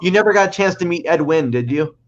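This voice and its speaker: A man hosting an interview, reacting with quick enthusiasm and short questions. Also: fairly high pitch, animated. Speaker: host. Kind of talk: interview chat. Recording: dull lo-fi stream audio.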